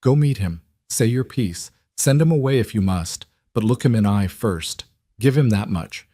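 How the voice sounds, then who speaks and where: A man's voice: on the low side, lively intonation, moderate pace, mellow, no room sound, clean studio sound. A man voicing an older, blunt but kindly Polish housekeeper woman with a Polish accent and broken phrasing.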